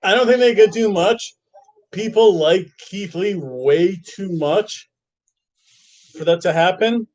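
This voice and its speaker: Male podcast host, high-pitched and slow-paced, thinks out loud in loose casual chat. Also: poor audio. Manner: rambling, thinks aloud, restarts sentences. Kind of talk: casual wrestling review chat.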